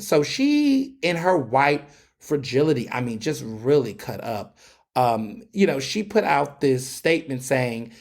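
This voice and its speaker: A man's voice: on the high side, gravelly. A man hosting a podcast, giving casual, profane and emphatic commentary. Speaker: podcast host.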